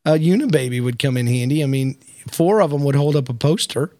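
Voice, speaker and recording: A man's voice: on the high side, fairly quick, darkish tone, dry recording. Jokey podcast host man, dry close sound. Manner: chatty and jokey, with many restarts and asides. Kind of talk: casual podcast chat.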